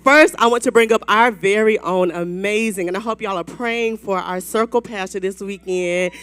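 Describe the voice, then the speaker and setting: A woman's voice: medium pitch, moderate pace, few pauses, smooth, no echo, soft background music. A woman hosting a women's Bible study gathering, hyping up the audience and calling for applause. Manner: animated, hypes the crowd with whoops. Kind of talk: lively church event hosting. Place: event hall with live audience.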